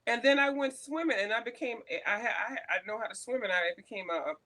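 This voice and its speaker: A woman's voice: fairly high pitch, fast talker, sharp tone. A woman co-hosting a casual chat, telling blunt, profane stories about her school days. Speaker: co-host.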